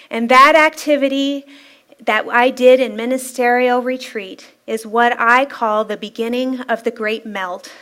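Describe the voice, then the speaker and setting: A woman with a high, light voice gives a Sunday talk from the front of a church. She tells stories in a lively, playful way and laughs often between her points. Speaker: spiritual practitioner giving a Sunday talk. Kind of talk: inspirational sermon-style talk. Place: church sanctuary.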